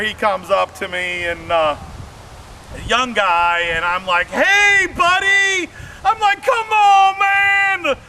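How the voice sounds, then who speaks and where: A man with a high, very bright voice tells rambling stand-up stories and keeps calling out to the crowd. He performs his comedy set outdoors, and a faint hiss of noise runs under his voice. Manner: rambling storytelling, addresses audience directly.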